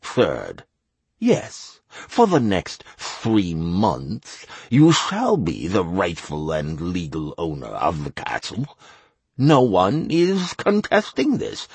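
A man's voice: low voice, huge pitch swings, slow pace, a little mellow, breathy edge, no room sound, full character voice. A man voicing a smug masked male councilman who makes pompous legal proclamations in a sing-song way. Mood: proclaiming.

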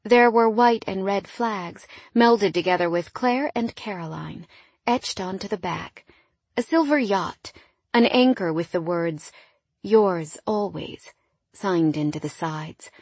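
Woman reading romance audiobook, soft wistful first-person, dry close mic. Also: mid-range voice, animated, measured pace, slightly rough, no room sound. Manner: intimate, often dropping quiet and wistful. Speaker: audiobook narrator.

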